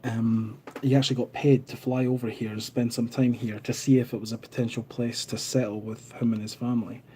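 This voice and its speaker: A Scottish man in his thirties hosts a casual live stream from his home in Canada, chatting while reading out viewer comments. His medium-pitched voice is level and mellow, a little fast, with slight hiss or hum in the audio.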